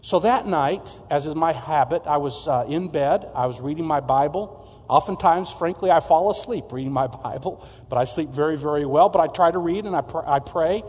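A man with a high, light voice delivers a storytelling sermon as pastor, earnest and emphatic, and he often repeats his phrases. His words ring out with a long reverb, as in a large church sanctuary. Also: moderate pace, a little mellow, husky.

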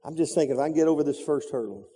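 A man's voice: fairly high pitch, rapid-fire, mellow, husky. A man preaching a sermon, telling a story dramatically with sound effects and repetition. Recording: reverberant hall.

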